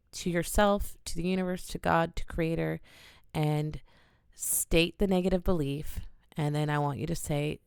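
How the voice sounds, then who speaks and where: Woman, low-pitched, gravelly, smooth, gentle earnest guide, casual talk. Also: no echo, clean studio sound. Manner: gentle, earnest, coaching viewers step by step. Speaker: oracle card reader. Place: small home studio in a bedroom corner.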